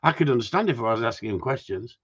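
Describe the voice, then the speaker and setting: A man's voice: medium pitch, lively intonation, fast talker, a bit bright, slightly rough, muffled recording. A middle-aged man answering viewers' questions about gundog training, blunt and rambling, swearing casually. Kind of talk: live stream Q&A chat.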